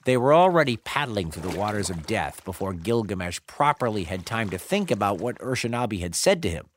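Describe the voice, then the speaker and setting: A man narrating a myth as a story, in an expressive, dramatic way. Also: fairly low pitch, brisk, a little hiss or hum. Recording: dry close sound with faint music.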